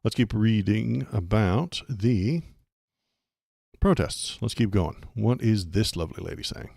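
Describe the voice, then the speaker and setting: A man's voice: on the low side, expressive, measured pace, gravelly, darkish tone, dry recording. A man from Texas hosting a casual political livestream, rambling and sarcastic, restarting his sentences often.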